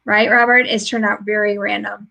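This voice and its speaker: A woman's voice: medium pitch, little pitch movement, moderate pace, vocal fry, bright, forceful tone, poor audio. A woman podcast host chatting casually from home over a remote stream, telling stories and laughing often. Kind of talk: casual chat.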